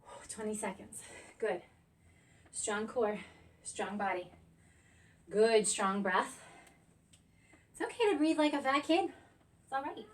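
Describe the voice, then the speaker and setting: Recorded from afar by a tripod-mounted camera, this fitness instructor in her thirties exercises along with her class, counting down reps and cheering between breaths. Her voice is a little high and animated, and she takes it slowly with long pauses over a slight hiss or hum.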